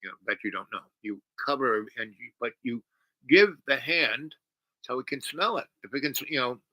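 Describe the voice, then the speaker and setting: A man's voice: mid-range voice, moderate pace, pushed and bright, no room sound, low-quality recording. A man hosting a long stream, telling a meandering story full of asides and restarts. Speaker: livestream host. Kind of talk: rambling storytelling.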